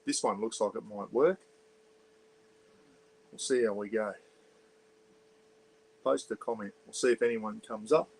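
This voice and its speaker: An Australian man runs an offhand, rambling livestream from inside a small caravan, talking into an iPad. He greets viewers by name and reads out their comments. He keeps his voice a bit low so he doesn't disturb the neighbours. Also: measured pace, vocal fry, long pauses, darkish tone, breathy edge, poor audio. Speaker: livestream host. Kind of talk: casual livestream chat.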